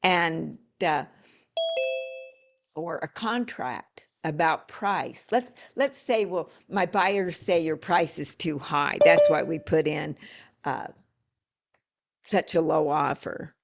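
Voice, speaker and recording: A woman's voice: sits low, slow, creaky. A middle-aged woman coaching live, emphatic, repeating key words and acting out sample dialogue.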